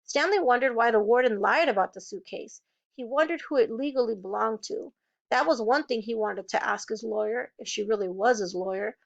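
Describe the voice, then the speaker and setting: A woman's voice: a little high, a little fast, gravelly, muffled recording. A woman reading a novel aloud, changing her voice to play each character. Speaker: reader.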